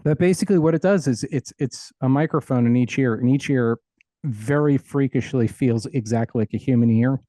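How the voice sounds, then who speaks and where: A man's voice: mid-range voice, a little fast, mellow, dry recording. A middle-aged man, an audio engineer and educator, explaining technical ideas plainly and with humor as an interview guest on a video call.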